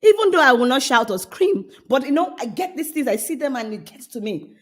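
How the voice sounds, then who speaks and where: A middle-aged woman coaching parents, her fairly high voice swinging widely in pitch. She speaks emphatically, scolding and coaxing by turns, and drives points home with repetition. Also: sing-song, fairly quick, slightly rough. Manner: emphatic, scolding then coaxing, repeats phrases. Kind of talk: motivational talk to parents.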